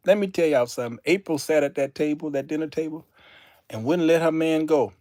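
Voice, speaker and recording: A man's voice: fairly high pitch, brisk, dry recording, clean studio sound. A man hosting a casual live stream, telling stories to viewers with frequent laughter. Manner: animated storytelling, laughing often, addressing viewers as y'all. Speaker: host.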